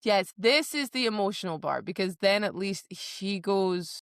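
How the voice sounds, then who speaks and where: A woman's voice: mid-range voice, smooth, no echo, clean studio sound. Chatty woman acting out book scenes. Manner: animated, acts out characters in quick impressions. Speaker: podcast co-host. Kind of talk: casual book discussion.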